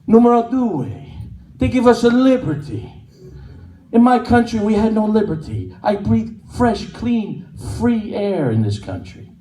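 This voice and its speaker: A man's voice: high voice, sing-song, measured pace, warm tone, voice pushed up. Man doing proud old Italian grandpa. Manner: broken English, emphatic. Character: older Italian immigrant grandfather, proud, gruff. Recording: echoey club from far off with noise.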